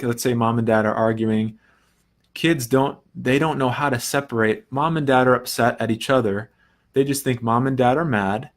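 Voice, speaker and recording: A young adult man hosting a recovery talk, explaining ideas earnestly in a casual teaching way, often restarting and softly acting out quoted thoughts. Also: mid-range voice. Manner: earnest, thinks aloud with restarts and soft quoted asides. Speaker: recovery podcast host.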